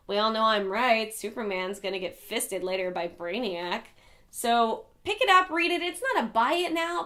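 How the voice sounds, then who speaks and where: Chatty woman reviewing comics, highish voice. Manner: animated, profane, chatty. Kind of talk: casual review vlog.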